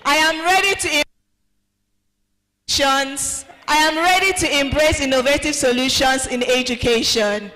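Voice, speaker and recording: In a large conference hall, a woman hosts the event with rousing energy, leading affirmations and introducing speakers. Her voice is high-pitched, bright and pushed, at normal speed. The hall echoes and faint music plays.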